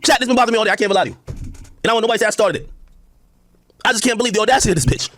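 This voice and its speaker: A man's voice: high voice, racing, a bit bright, a little hiss or hum. A man ranting and mocking on a livestream, profane and laughing, and he says he is drunk.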